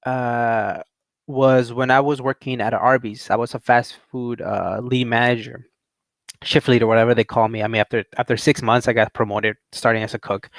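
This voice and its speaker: A young man hosting his channel, telling a story in a casual, rambling way with frequent laughs and lively quoting of others. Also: medium pitch, no room sound. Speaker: channel host.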